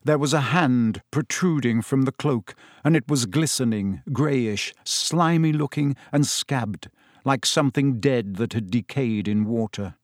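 A man's voice: medium pitch, unhurried, no echo, studio quality. A man narrating a story aloud with suspenseful, varied pacing. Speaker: audiobook narrator.

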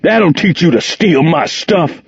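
A violent, raging brute, as a narrator puts him on, bellowing in a strained, raised, husky voice. He roars his words in fury. The recording is dull and muffled. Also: a little high, lively intonation, slow pace, no room sound, voice pushed up, exaggerated voice. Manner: bellowing, furious. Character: violent, raging grown man.

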